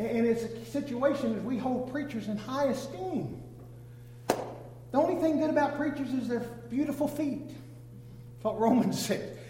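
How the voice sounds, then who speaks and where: A man preaching a sermon, emphatic, swinging from loud stressed words to low, drawn-out phrases. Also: slight background noise. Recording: echoey hall.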